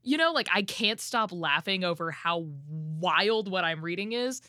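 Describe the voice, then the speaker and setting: A woman co-hosting a podcast in casual chat, telling a story in halting, rambling fashion with many fillers. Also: lowish voice, animated, bright, forceful tone, no echo, clean studio sound. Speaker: podcast co-host.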